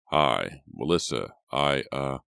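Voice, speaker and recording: A man's voice: rumbling low, animated, slow pace, gravelly, pushed and bright, smooth, no room sound, studio quality, exaggerated voice. A man voicing a troubled teenage boy who speaks breathlessly and hesitantly. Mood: anxious.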